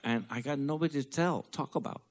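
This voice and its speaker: A man's voice: mid-range voice, fairly quick, pitched above the performer's own voice, lightly acted. A man voicing his frail elderly father, weary and pleading, with a whiny voice that repeats itself. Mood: wheedling.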